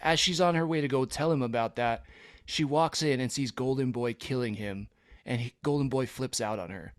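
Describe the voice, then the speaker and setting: A man's voice: mid-range voice, normal speed. A man co-hosting a casual pop-culture podcast, recapping a show eagerly with plenty of fillers. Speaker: podcast co-host. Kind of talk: casual chat.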